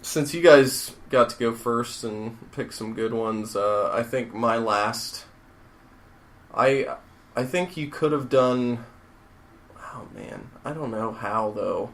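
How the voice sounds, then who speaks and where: A man's voice: medium pitch, slow pace. A man co-hosting a podcast, talking in a rambling, enthusiastic way with casual swearing. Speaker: podcast co-host. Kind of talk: casual chat.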